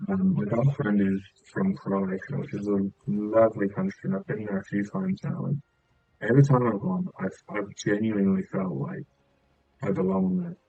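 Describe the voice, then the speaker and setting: A man's voice: on the low side, normal speed, vocal fry, narrow, tinny audio, slight background noise. A man from England with a southern English accent, chatting casually as a game streamer, rambling and dotting his talk with filler sounds. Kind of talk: rambling casual chat while gaming.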